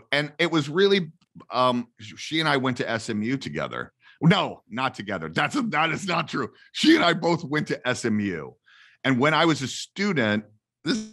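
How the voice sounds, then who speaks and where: Lively low-voiced man telling a story. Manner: animated storyteller, self-correcting, jumps to a high voice. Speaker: guest actor promoting a book. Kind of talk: casual interview chat.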